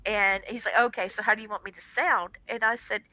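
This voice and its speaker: A middle-aged woman, a guest on a radio show, telling a personal story in a casual, animated way and acting out the voices in it. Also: mid-range voice, brisk, low-quality recording.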